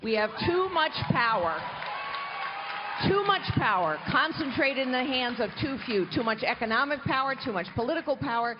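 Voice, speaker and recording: Woman, 60s, former candidate; crisp rally lines; noisy, muffled live audio. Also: high voice, lively intonation, normal speed, crowd noise. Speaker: former candidate, campaign surrogate. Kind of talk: live political interview on stage. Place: outdoor rally stage. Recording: muffled live mic with clear noise.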